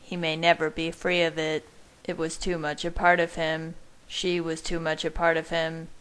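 A woman with a low voice reading fan fiction aloud in the first person. She narrates at a steady, measured pace. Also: clear, resonant tone, poor audio. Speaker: reader.

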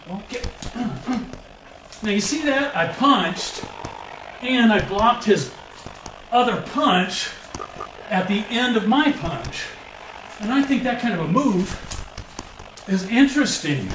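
A breathless man teasing his opponent mid-game, his voice high and bouncing all over the place. He sounds set back from the mic in a roomy space, with noise in the background. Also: distant mic. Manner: teasing, chatty, exclaims a lot. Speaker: gaming video creator. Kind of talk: playful trash talk while playing a VR boxing game.

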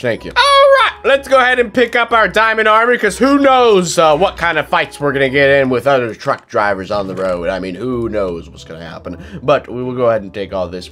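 A young man giving excited, playful commentary on a video game as he plays, with an exaggerated, energetic delivery. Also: medium pitch. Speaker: gaming YouTuber. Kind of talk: excited let's-play commentary.

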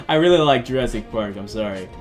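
Male let's-play host, lively swooping delivery, excitable and jokey, faint music behind. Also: mid-range voice, moderate pace. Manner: excitable, jokey, bursts into shrieks and laughter. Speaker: gaming channel host.

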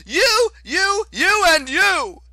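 A man voicing a shrill, arrogant young male augur who shrieks frantically. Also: very animated, very slow, bright, forceful tone, no echo, studio quality, exaggerated voice. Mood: shrieking fury.

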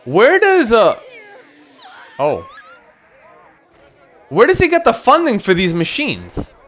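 A man's voice: very high-pitched, huge pitch swings, takes it slowly, fairly bright tone, dull audio, slight background noise. A young man giving loose, profane, slangy commentary as the host of a gaming channel. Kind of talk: casual gameplay commentary.

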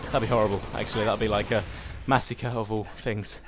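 A young man hosting his own gaming channel, giving rambling, excitable live commentary while he plays and calls out to viewers and his teammate. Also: lowish voice, brisk, a little hiss or hum. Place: home.

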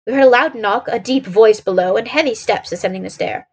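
A woman narrates an old detective novel for her stream, steady and even with the odd stumble. Her voice is husky and sits a little high, with a breathy edge. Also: brisk. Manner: steady narration with small slips. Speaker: streamer reading aloud. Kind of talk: storybook reading on a stream.

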